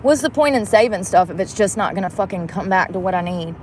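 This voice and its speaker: A woman's voice: medium pitch, expressive, quick pace, darkish tone, slight background noise. A woman vlogging casually to her viewers, getting frustrated and cursing under her breath as she hunts for a video. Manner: frustrated, muttering and cursing while fiddling with a device. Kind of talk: casual vlog talk to viewers.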